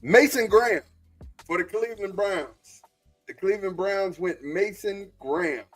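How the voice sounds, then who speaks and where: A man hosting a live sports podcast in a relaxed way, calling breaks and picks. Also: sits high, unhurried, soft background music. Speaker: podcast host. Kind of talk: casual sports chat.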